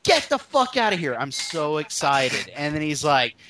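Brief: man, podcast banter, very lively pitch, crude wisecracks. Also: moderate pace, noisy background. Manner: crude joking, lively retelling of conversations. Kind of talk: casual chat.

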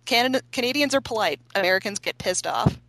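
Slightly high-voiced woman. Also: lively intonation, fast, a bit bright, dry recording, poor audio. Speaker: medical data entry worker. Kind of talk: casual chat.

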